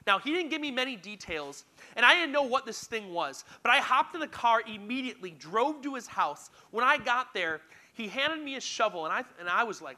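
A young man preaching to young listeners, telling stories in an animated, self-deprecating way and speaking straight to them. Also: very high voice, a little fast. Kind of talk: storytelling sermon.

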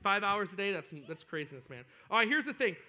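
A young man preaching to students, casual and animated, acting out whiny children as he speaks. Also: high-pitched, fast. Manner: animated, acts out whiny kids. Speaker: youth pastor. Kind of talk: sermon to students.

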